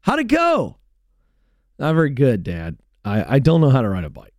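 A man's voice: mid-range voice, huge pitch swings, moderate pace, a little mellow, no room sound. A man doing a hesitant, mumbling little boy. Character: discouraged young boy learning to ride a bike.

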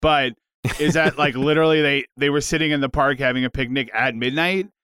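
A man's voice: mid-range voice, fairly quick, fairly bright tone, clean tone, dry recording, studio quality. A man co-hosting a podcast, chatting casually and musing aloud with restarts. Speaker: podcast co-host. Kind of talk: casual chat.

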